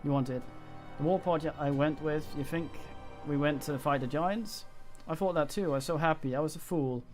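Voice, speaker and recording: A man's voice: a little high, moderate pace, few pauses, darkish tone, faint music behind, natural voice. A man voicing a proud, angry exiled female barbarian from a game, reading the lines plainly in his own voice with slips. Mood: defiant. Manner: reads dialogue aloud, stumbles on words.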